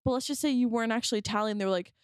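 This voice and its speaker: Talking rapid-fire in a fairly high, clean voice, a woman co-hosting a podcast rambles through casual conversation full of fillers and false starts. The studio recording is clean, without echo.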